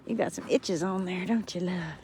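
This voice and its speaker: A woman's voice: lowish voice, normal speed, a little mellow, a little hiss or hum. A woman, cooing affectionate baby talk to cows outdoors on a farm, recorded on a handheld phone. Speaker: farmer. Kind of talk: casual talk to animals.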